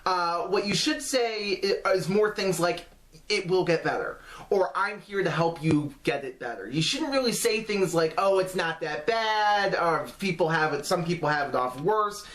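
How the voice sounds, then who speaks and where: A man vlogging casual advice to camera in an earnest, halting way, with many restarts and fillers. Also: high-pitched, expressive, a bit bright.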